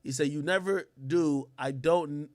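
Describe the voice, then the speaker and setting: A man co-hosting a livestream who reads text messages aloud and reacts loudly, using heavy slang and cursing. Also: a little high, moderate pace, dry recording, studio quality. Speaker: livestream co-host. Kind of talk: casual livestream commentary, reading texts aloud.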